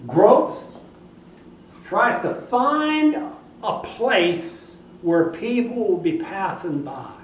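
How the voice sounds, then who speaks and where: A man preaching a sermon, telling a story dramatically and swinging between hushed and loud. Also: sits high, lively intonation, drawn-out words, reverberant, far from the mic, slight background noise, poor audio.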